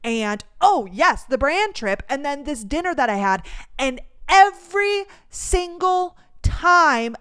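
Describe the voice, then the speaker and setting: A young woman from North Dakota hosting a casual solo podcast, telling stories with animated energy, acting out dialogue and swearing freely. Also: high voice, slow. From North Dakota, USA. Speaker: podcast host.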